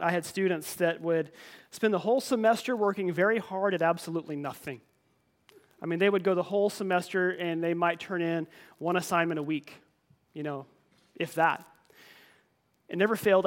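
A man preaching a sermon in a conversational way, asking the listeners questions and often repeating words. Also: sits high. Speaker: pastor.

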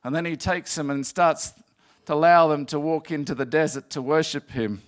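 A man's voice: fairly high pitch, steady tone, moderate pace. A man preaching a sermon in an earnest, repetitive way, rising to emphatic passages.

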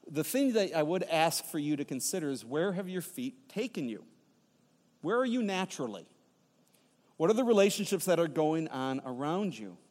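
A middle-aged pastor delivers his sermon with animated, playful storytelling and teasing asides to the congregation. His voice sits a little high for a man. The sound rings with the long reverb of a church sanctuary.

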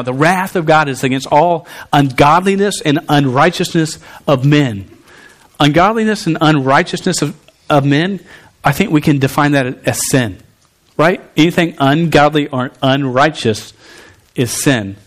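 A man preaches a sermon in a slightly higher-than-average voice. He talks to the room conversationally, with animated bursts and stumbling restarts. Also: normal speed.

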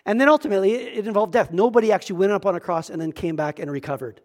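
A man's voice: sits high, rapid-fire, darkish tone. A male pastor preaching a sermon in a church, earnest and emphatic, often repeating words as he starts a thought.

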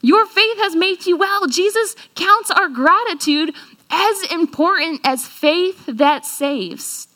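A woman giving a sermon in an earnest way, slowing down on scripture and asking the listeners questions. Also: extremely high pitch, animated, pushed and bright. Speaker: speaker at a church talk.

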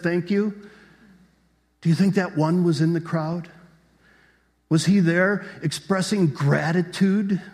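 Pastor guy preaching, kinda high voice, lively storytelling, lots of questions to the crowd, big church reverb. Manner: animated storytelling with rhetorical questions. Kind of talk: sermon. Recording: long reverb of a large hall.

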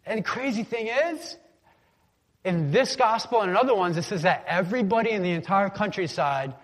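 A man's voice: sits high, expressive, moderate pace. Man preaching casually in a reverberant hall. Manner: casual, conversational preaching with call-and-response prompts. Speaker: pastor. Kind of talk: sermon.

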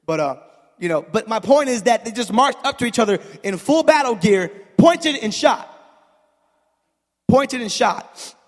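A man preaching a sermon, telling stories in a chatty way that builds to shouted peaks and calls on the crowd for an amen. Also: very high-pitched, lively intonation, a little slow, long pauses, big-room sound. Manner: storytelling, builds from chatty asides to shouted climaxes; calls for audience response.

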